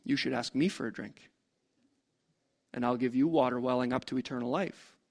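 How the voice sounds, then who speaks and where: A wise male teacher speaking in measured, solemn phrases, read by a preacher. The tone is calm and fairly high for a man, with an even, steady delivery. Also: lightly acted.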